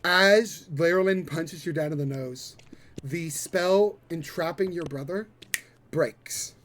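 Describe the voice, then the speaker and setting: A man's voice: fairly high pitch, a bit bright, a little hiss or hum. A man running a tabletop role-playing game and narrating the scene, with fillers and the odd curse. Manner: descriptive, halting with fillers and swears. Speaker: game master.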